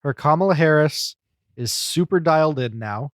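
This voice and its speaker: A man's voice: on the high side, animated, normal speed, no room sound, studio quality. A man co-hosting a podcast, chatting casually and analytically about a comedy show, with plenty of fillers. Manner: talkative, analytical, many fillers. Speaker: podcast co-host.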